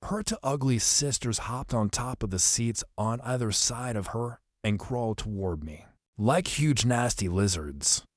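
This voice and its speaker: A man reading an adventure novel aloud as an audiobook narrator, telling the action briskly in the first person. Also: mid-range voice, animated, no room sound, clean studio sound. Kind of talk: scripted storybook narration.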